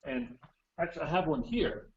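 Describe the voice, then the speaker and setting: A man's voice: fairly high pitch, animated, moderate pace, darkish tone, highs cut off. A man in casual chat, explaining old music gear in a chatty way with restarts, heard over a call. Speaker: guest musician. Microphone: phone or video call.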